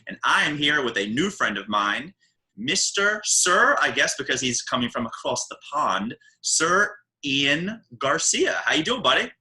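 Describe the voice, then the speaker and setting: An American man from Baltimore, hosting a podcast in casual, jokey chat with big pitch swings. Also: sing-song, measured pace, sharp tone, poor audio. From Baltimore, USA. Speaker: podcast host.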